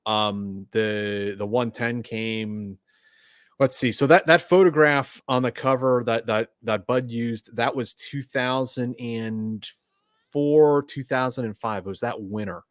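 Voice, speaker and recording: A man's voice: mid-range voice, slow, dry recording. Stammering American man, dry sound. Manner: relaxed, stammers and repeats words. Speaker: podcast guest, veteran and journalist. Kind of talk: casual chat.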